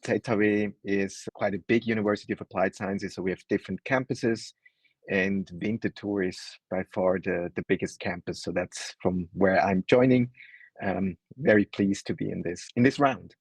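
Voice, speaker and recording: Calm male guest with a low husky voice, dry close sound. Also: moderate pace, no room sound. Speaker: guest, program head. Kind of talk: casual introduction on a video call.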